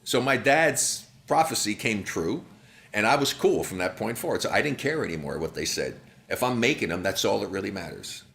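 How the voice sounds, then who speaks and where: A man's voice: lowish voice, very animated, normal speed, creaky, fairly bright tone. An older man, a former basketball player, telling stories in an interview with a blunt, heated manner. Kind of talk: interview storytelling.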